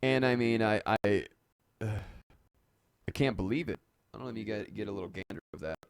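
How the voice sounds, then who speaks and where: A man with a fairly low, smooth voice talks fairly quickly in a dry recording. Hosting a casual live-stream monologue from his dark home studio, he rambles, jokes and teases himself.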